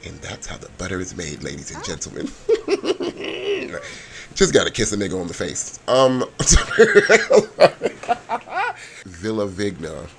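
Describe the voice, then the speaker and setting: A man's voice: sits low, huge pitch swings, slow, creaky, slight background noise. A man casually narrating his life-sim game story, chatty and joking with slang. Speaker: gameplay storyteller.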